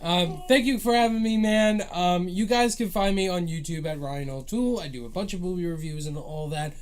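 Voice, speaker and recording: A man's voice: high-pitched, animated, a little fast, clean tone. A man speaking as a guest movie reviewer, upbeat and friendly as he signs off in a casual chat.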